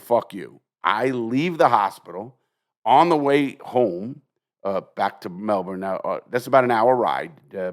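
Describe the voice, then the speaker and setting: An older American man with a lowish voice hosts a casual podcast chat. He tells stories bluntly and profanely, acting out the voices of the people he quotes. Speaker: podcast host.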